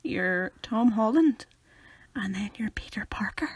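A woman's voice: mid-range voice, lively intonation, unhurried, no room sound. A young woman with a Northern Irish accent, co-hosting a podcast in playful, giggly casual chat. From Northern Ireland. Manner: playful, giggly, puts on gruff voices. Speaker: podcast co-host.

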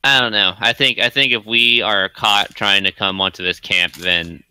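Deep-voiced male tabletop player. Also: steady tone, normal speed, bright, forceful tone, clear, resonant tone. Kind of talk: in-character tabletop play.

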